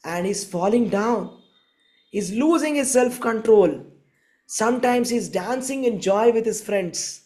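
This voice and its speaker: A man's voice: high-pitched, lively intonation, unhurried, dark tone, pitched above the performer's own voice. A man voicing the young goddess Radharani as she eagerly recounts a dream, in a storytelling sermon. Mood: wondering. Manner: earnest, wondering retelling of a dream.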